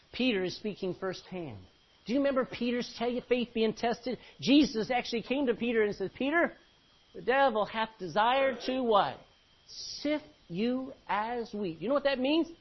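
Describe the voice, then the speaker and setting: A man preaching a sermon with animated delivery, swinging from quiet to loud. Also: high voice, husky, lo-fi sound.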